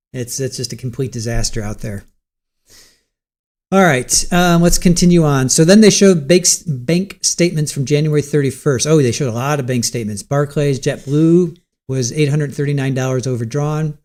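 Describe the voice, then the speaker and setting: A man's voice: mid-range voice, a little mellow. A man from Ohio hosting a casual livestream, chatting and reading out viewer comments. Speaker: livestream host. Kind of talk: casual live-stream chat.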